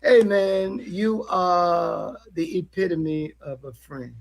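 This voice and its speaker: A man, a missionary guest, talking fervently with preacher-like exclamations and a gravelly voice. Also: high-pitched, expressive, slow. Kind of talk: phone-in reunion chat.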